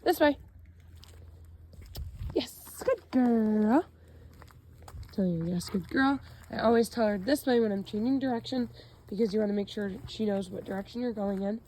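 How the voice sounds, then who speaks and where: Slightly hoarse woman dog trainer. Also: mid-range voice, rough recording. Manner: calm instructive talk with quick dog commands and praise. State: slightly hoarse, losing her voice. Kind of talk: instructional dog training demo. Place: outdoors, chilly.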